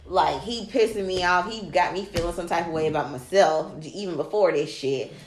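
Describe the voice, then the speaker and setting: A woman with a fairly low voice chats casually on a podcast, telling a long story with lots of quoted back-and-forth and free swearing. She sounds animated. The room is echoey, with a faint hiss behind her. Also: brisk. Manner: animated, swears freely, quotes people in dialogue. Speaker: podcast co-host.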